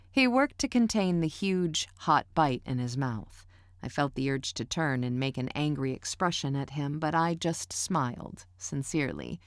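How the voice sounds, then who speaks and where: A woman narrates a first-person audiobook in a low, gravelly voice with a measured, even manner. The studio sound is dry and close. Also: dry recording.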